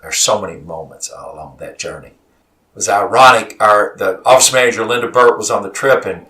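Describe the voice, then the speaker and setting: A man, a college basketball head coach, telling stories in an animated way as a studio guest, repeating words as he gets worked up. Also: fairly low pitch, normal speed. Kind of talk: emotional storytelling in a studio interview. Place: radio studio. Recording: voice sounds far from the mic.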